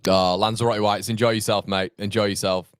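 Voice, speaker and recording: A man in his thirties hosting a live football watchalong, chatting with viewers in an animated, rambling way that jumps between laughter and fed-up rants. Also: on the low side, a little fast, smooth, no room sound, clean studio sound. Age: 30s. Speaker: fan channel host.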